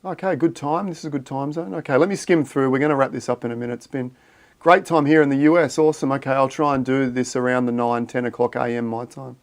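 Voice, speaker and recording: A man hosting a casual livestream. He thinks out loud and chats with viewers in a friendly, matey way. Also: medium pitch, steady tone, quick pace. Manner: thinks aloud while reading viewer chat, matey and chatty. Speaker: livestream host.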